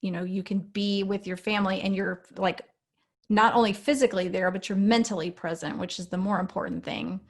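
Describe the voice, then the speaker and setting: A woman in her thirties speaks in a relaxed, advice-giving way on a podcast, often adding "you know." Her voice sits at a middle pitch with a clear gravelly fry. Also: a little fast. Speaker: podcast guest or host, parent. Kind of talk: casual podcast conversation.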